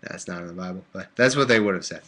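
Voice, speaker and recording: A man's voice: sits low, quick pace, sharp tone. A man casually reading aloud on a live stream, breaking off for sleepy, joking asides. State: drowsy. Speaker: host reading and commenting. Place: warm room at home.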